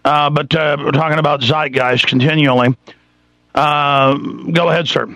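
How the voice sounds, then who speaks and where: A man hosting a call-in radio show, loud and aggressive, arguing fast and interrupting. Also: on the high side, fairly even intonation, no echo, low-quality recording. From Texas. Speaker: radio talk show host. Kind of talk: heated call-in radio talk.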